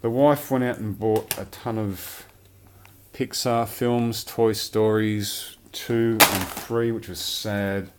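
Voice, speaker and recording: A man's voice: on the low side, fairly even intonation, slow pace, a little hiss or hum. A man chatting casually and rambling about his film collection, swearing now and then. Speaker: collector showing his films. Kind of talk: casual chat.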